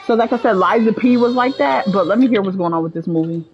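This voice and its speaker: A chatty, expressive woman with an African American English accent, giving casual commentary on a video game to her viewers. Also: medium pitch, fast, lo-fi sound, faint music behind. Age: adult. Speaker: gaming streamer.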